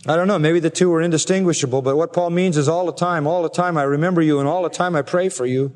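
Man, pastor, earnest expository sermon, slightly higher voice, long hall reverb. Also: steady tone, a little mellow. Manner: earnest preaching, slows and rises for emphasis.

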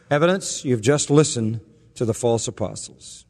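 A man's voice: medium pitch, normal speed, darkish tone, long reverb tail. A man preaching an expository sermon, emphatic and sarcastic, building in intensity as he drives his points home. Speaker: pastor.

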